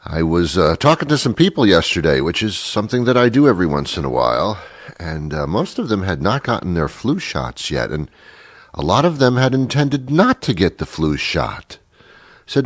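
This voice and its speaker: Man, deep voice, talk show host, sarcastic, rambling, dry studio sound. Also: very animated, moderate pace, dry recording. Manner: rambling, sarcastic, full of asides. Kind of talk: comedic talk monologue.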